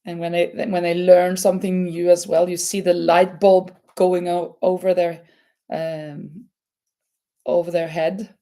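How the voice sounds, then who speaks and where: A woman from Norway with a Norwegian accent, hosting a casual live crochet chat in a halting way, with many fillers and restarts. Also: lowish voice, flat delivery, dark tone. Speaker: crochet channel host.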